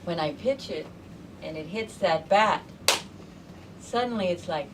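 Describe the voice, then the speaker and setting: A middle-aged woman telling a personal story to a live audience in an animated, conversational way, acting out other people's voices. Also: fairly low pitch, a little slow, distant mic, noisy background. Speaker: storyteller host.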